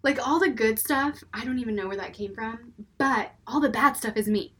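Slightly high and a little rough, this young woman's voice keeps a moderate pace. She's a podcast co-host and mother of a five-year-old, and in casual chat she animatedly tells stories about her young son, voicing both the boy and herself.

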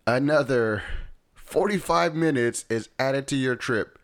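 A man's voice: mid-range voice, measured pace, pitched above the performer's own voice, natural voice. A man imitating a car GPS navigation voice announcing delays in a stiff way. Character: flat robotic GPS navigation voice.

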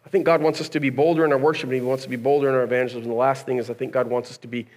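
Rapid-fire and a little mellow, this male pastor's medium-pitched voice shows little pitch movement. He preaches in a casual, slangy, conversational style, throwing rhetorical questions at the congregation and acting out dialogue within his stories.

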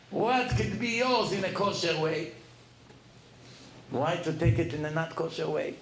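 A man giving a Torah lecture as a lively storyteller who laughs at his own tales. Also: on the high side, moderate pace, background noise. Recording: echoey room with faint ambience.

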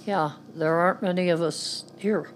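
An older woman from Montana, a former radio voice, recalling family and stories in a slow, matter-of-fact way. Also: fairly low pitch, steady tone, slight background noise. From Montana, USA. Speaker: guest, former radio broadcaster. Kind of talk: casual interview chat.

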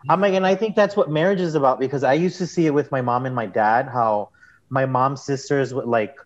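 A man's voice: mid-range voice, a little fast. A man telling a personal story in casual conversation as an interview guest, rambling and saying "like" a lot. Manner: rambling, heavy use of "like". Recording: dull, muffled sound.

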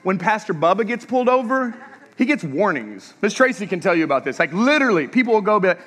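A man preaching a sermon, with a voice that sits high and rings bright. He tells humorous stories and keeps asking the congregation questions. His voice echoes around a large church hall. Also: sing-song, quick pace, slight background noise. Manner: humorous, storytelling, engages the audience with questions. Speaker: pastor. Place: church sanctuary.

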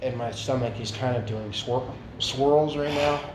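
A young man chatting casually with his siblings, playful and quick to laugh. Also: medium pitch, fairly even intonation. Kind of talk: casual chat. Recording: echoey room with faint noise.

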